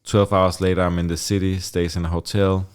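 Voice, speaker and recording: A young man with a very low, deep voice. He tells his story in a loose, animated way, with lots of "like", casual swearing and laughter. The sound is clean studio podcast audio on a close mic. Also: brisk, clean tone. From Denmark. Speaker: podcast guest.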